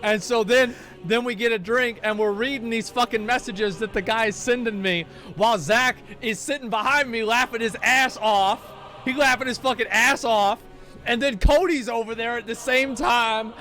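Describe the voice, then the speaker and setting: A man with a high voice tells a rowdy old gaming story in loose, profane stream chat, acting out what others said. Faint music plays under his talk. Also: normal speed. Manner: profane, animated, acts out quoted voices.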